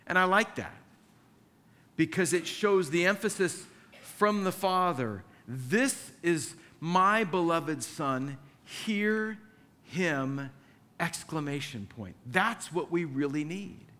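A man's voice: a little high, bright, forceful tone, in a large hall. A male pastor delivering a sermon in a conversational way, acting out the scripture passages he quotes.

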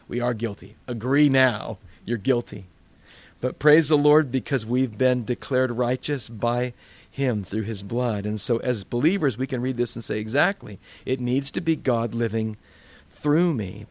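A man's voice: medium pitch, a little mellow, dry recording. A male pastor teaching a Bible study in a conversational sermon style, full of rhetorical questions.

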